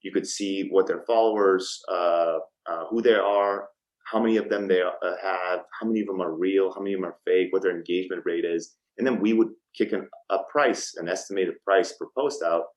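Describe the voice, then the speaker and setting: Low-voiced man telling a story. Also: fairly quick, rough recording. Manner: lively storyteller who acts out quoted phone calls; frequent ums and restarts. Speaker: podcast guest, startup co-founder. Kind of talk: casual storytelling interview.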